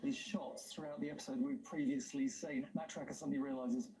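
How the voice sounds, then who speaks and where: A man's voice: medium pitch, fairly even intonation, fairly quick, crowd noise, poor audio. A man hosting a livestream in casual chat, talking enthusiastically and rambling, with frequent laughs. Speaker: livestream host.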